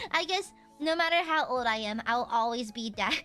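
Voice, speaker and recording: A woman livestreamer chats casually with her viewers, giggling a lot and rambling through filler words. Her bright, high voice has lively intonation and an unhurried pace, with soft music playing underneath.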